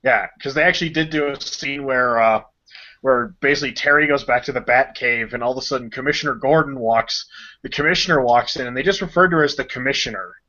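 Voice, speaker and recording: A man co-hosting a casual podcast chat, talking with enthusiasm and acting out scenes in quick voices. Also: mid-range voice, bright, forceful tone. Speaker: podcast co-host. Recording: dull lo-fi podcast audio.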